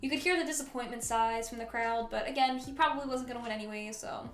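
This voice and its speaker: A woman's voice: on the high side, fast. Chatty young-sounding woman, echoey room. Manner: chatty, excitable, frequent fillers and giggles. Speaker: wrestling commentary vlogger. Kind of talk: casual recap commentary. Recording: echoey room with faint music.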